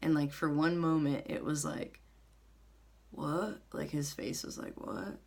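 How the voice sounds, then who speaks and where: A woman worship leader giving a casual church announcement, bubbly and laughing often, repeating words when she gets excited. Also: sits low, moderate pace, vocal fry.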